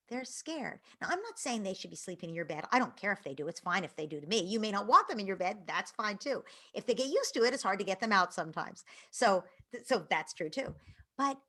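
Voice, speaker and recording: A woman parenting expert answering audience questions in an earnest, explanatory way, dropping to soft whispers at times. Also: medium pitch.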